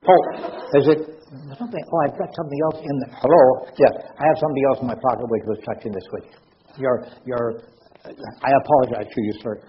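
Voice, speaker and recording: A man's voice: mid-range voice, fairly even intonation, fairly quick, muffled recording. A man giving a public lecture to an audience, wry and joking as he talks to the crowd.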